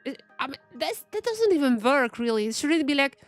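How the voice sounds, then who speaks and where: A woman's voice: sits high, animated, fairly quick, fairly bright tone, no room sound. Chatty young woman streamer, game music. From Eastern Europe. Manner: chatty, thinking aloud, reading game text. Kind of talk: casual gameplay commentary.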